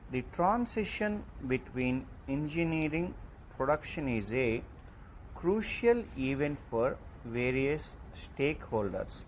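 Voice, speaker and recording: Man, online lecture, deliberate slide-reading, unhurried, faint background noise. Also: medium pitch, sing-song, low-quality recording.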